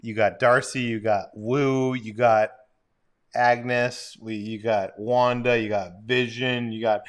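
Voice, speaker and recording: A man's voice: medium pitch, steady tone, slow pace. A man co-hosting a casual livestream, rambling in an easygoing way and reading out viewer questions. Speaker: co-host.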